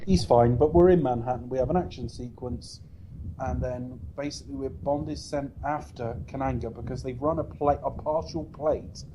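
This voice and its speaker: Mellow-voiced man recapping a film. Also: medium pitch, normal speed, slight background noise, rough recording. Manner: recaps the plot at length, dry asides. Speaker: podcast co-host. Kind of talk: casual film review chat.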